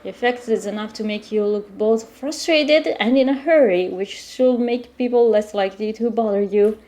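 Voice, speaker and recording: A woman reading an interactive story game aloud, breaking off into animated, laughing reactions. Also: fairly high pitch, moderate pace.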